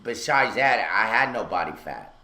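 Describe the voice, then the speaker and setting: A man's voice: lowish voice, sing-song, normal speed, bright, forceful tone. Rambling man in an echoey studio. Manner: rambling storyteller, many fillers. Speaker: radio show co-host. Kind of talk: casual chat. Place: radio studio.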